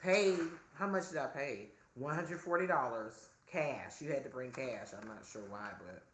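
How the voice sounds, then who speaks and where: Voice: mid-range voice, moderate pace, fairly bright tone, a little hiss or hum. A vlogger in their forties, venting casually to viewers while filming themselves indoors. The delivery is chatty and indignant. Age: 40s. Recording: echoey room.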